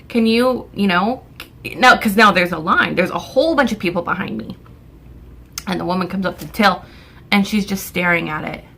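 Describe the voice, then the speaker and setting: A young woman from Canada telling a storytime vlog in an exasperated, swearing rant. Her voice is bright with a gravelly fry running through it. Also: mid-range voice. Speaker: vlogger.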